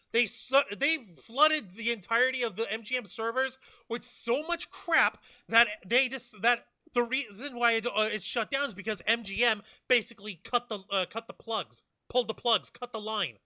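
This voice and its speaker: A high-pitched man with a very bright, cutting tone, recorded dry and close. He co-hosts a live news chat, talking in an animated, excitable way and tossing in quick asides. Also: no echo. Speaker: podcast co-host.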